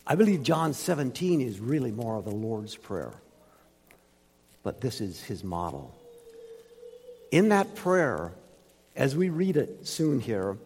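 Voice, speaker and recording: Pastor, male, husky and emphatic, lively pitch swings, echoing church hall. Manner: emphatic preaching, swinging from loud highs to soft lows. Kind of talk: sermon. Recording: reverberant hall.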